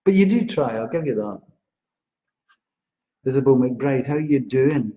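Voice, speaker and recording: Guy doing live psychic readings, mellow voice, kinda muffled stream audio. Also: mid-range voice, lively intonation, measured pace, slight background noise. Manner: chatty, greets viewers by name, laughs often. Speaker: psychic astrologer host.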